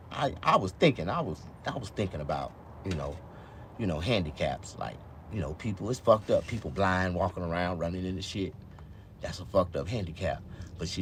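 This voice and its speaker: A man chatting casually on a live stream, rambling and swearing, with speech slurred by missing teeth. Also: a little hiss or hum. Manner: rambling, swears a lot, swings from low mumbles to loud excited outbursts.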